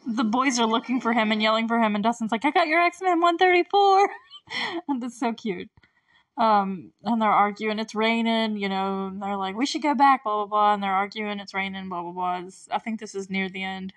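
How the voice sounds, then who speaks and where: A woman's voice: mid-range voice, flat delivery, brisk, a bit bright, dry recording, far from the mic. A woman hosting a casual solo podcast, chatty and effusive, laughing often as she recaps a show. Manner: chatty and effusive, laughs often, quotes characters in brief put-on voices.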